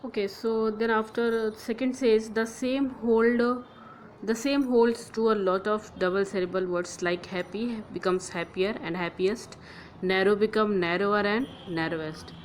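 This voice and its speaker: A female teacher runs a grammar lesson, slowly spelling out letters and frequently checking understanding with "clear?" and "okay." Her voice is mid-range with fairly even intonation. The recording is rough, with slight background noise.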